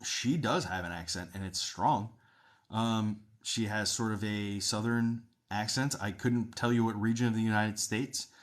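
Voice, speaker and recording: A man hosting a live stream as a psychic medium, chatting with viewers, thanking them and describing what he senses in a steady, explanatory way. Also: lowish voice, unhurried. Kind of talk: casual live-stream chat with readings.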